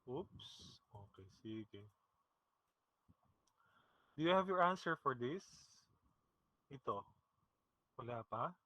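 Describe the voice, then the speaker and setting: A man's voice: mid-range voice, sing-song, slow pace, long pauses, pushed and bright, no echo, highs cut off. A man with a Filipino accent teaching a math class online, casual and chuckling, often checking in with "okay?". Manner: mixes English and Tagalog, often checks with "okay? no?".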